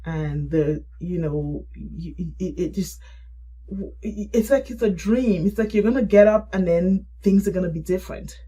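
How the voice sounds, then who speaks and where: A middle-aged woman telling her grief story in a halting, emotional way and reading an old message aloud. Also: lowish voice, husky, poor audio. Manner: halting, emotional, soft-spoken. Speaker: grief support vlogger.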